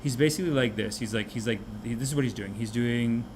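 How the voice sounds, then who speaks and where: A man hosting a podcast, delivering a comic rant of a movie review in an animated, mocking way. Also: mid-range voice, a little hiss or hum. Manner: animated, mocking, puts on quick character voices. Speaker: podcast host.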